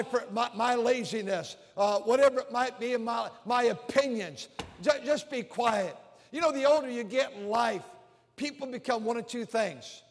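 An older male pastor delivers a sermon with a strikingly high voice. He hammers his points home by repeating phrases. The sound rings with a long hall reverb from the church sanctuary. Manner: emphatic preaching with repeated phrases.

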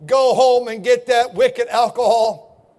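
An older man, a pastor, preaching an impassioned sermon that rises at times into shouting. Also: extremely high pitch, slow. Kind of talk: fiery sermon.

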